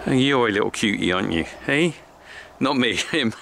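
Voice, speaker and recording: A man's voice: medium pitch, lively intonation, a little fast, gravelly, sharp tone, slight background noise. A man vlogging casually at home, talking to his new puppy in sing-song baby talk. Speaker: farmer vlogger. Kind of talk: casual vlog.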